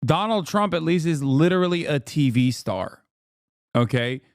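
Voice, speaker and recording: A man's voice: a little high, expressive, moderate pace, dry recording, studio quality. A man in his thirties giving sarcastic, incredulous commentary on a live stream while reacting to a news report.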